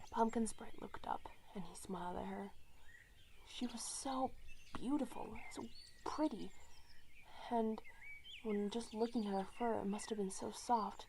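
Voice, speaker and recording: A woman narrating a fan story at an unhurried pace, sometimes correcting herself mid-word. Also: mid-range voice, mellow, a little hiss or hum. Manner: unhurried reading with self-corrections.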